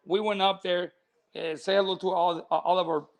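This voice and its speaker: Coach guy co-hosting, higher pitched voice, relaxed, says you know a lot. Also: moderate pace. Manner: easygoing, lots of "you know" fillers. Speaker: boxing coach and podcast co-host. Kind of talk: casual podcast chat.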